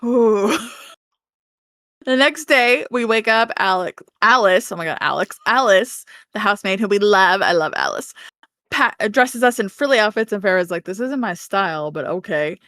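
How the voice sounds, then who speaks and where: A woman's voice: mid-range voice, lively intonation, normal speed, fairly bright tone, no echo, studio quality. A woman co-hosting a podcast, telling a book's plot casually and acting out characters' lines with laughter. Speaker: podcast co-host. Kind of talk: casual book recap chat.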